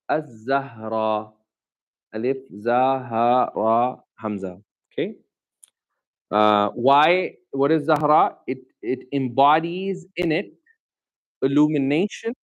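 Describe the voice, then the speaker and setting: Man as a religious teacher leading a class, asks questions, repeats key terms slowly. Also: a little high, poor audio. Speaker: Islamic teacher. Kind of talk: classroom Quran lesson.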